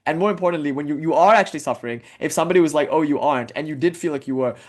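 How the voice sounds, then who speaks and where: A man's voice: a little high, racing. A young man giving an informal spiritual lecture in a casual, chatty way, full of "like" fillers and asides, sometimes chanting Sanskrit verses.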